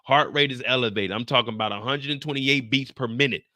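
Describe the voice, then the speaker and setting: A man's voice: mid-range voice, fast, sharp tone, no room sound, clean studio sound. A man hosting a live TV episode recap, telling the story in a profane, slangy way and acting out scenes with sound effects and his own anecdotes.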